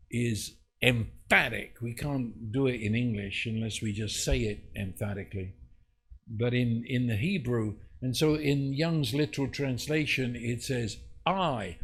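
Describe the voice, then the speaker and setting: Man, Bible teacher, slow delivery, earnest, emphatic at times. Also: mid-range voice, a bit bright. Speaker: preacher.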